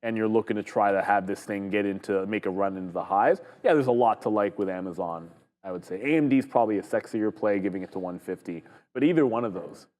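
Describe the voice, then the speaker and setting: A man's voice: on the low side, fast, darkish tone, long reverb tail. A Canadian man co-hosting a live trading show, chatting loosely and reading viewer comments aloud.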